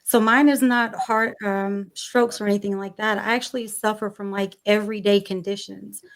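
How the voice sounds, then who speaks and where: Young adult woman, panel guest, animated storyteller, voices the people she quotes. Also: mid-range voice, moderate pace. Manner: animated storyteller, acts out dialogue. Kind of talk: personal story on a talk show panel.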